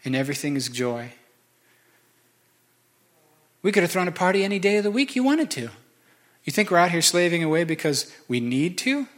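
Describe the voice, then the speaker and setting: Pastor guy preaching, chatty and jokey, kinda higher voice. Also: lively intonation, quick pace, a bit bright. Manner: conversational, joking. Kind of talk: sermon.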